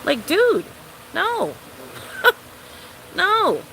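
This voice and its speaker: A woman's voice: very high-pitched, huge pitch swings, drawn-out words, creaky, sharp tone, a little hiss or hum, low-quality recording. A young woman vlogger ranting in a casual storytime, exasperated and incredulous, swearing freely and laughing often.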